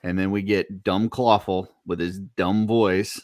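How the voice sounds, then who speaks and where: A man co-hosting a casual fan podcast, relaxed and blunt, filling his talk with "you know" and "like". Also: low-pitched, a little slow, no echo, clean studio sound. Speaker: podcast co-host.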